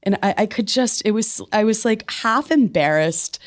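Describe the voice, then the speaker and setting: A woman guest telling an animated personal story in a conversation, laughing often and filling her speech with "like.". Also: medium pitch, moderate pace. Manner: expressive, laughs often, many "like" fillers. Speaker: podcast guest, spiritual medium.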